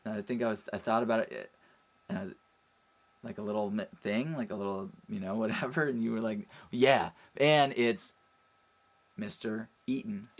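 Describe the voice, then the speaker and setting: A man casually telling a story about a friend, animated and laughing, with lots of "like". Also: fairly low pitch, brisk, gravelly. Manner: animated, laughing, says "like" a lot. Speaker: interviewee, friend of host.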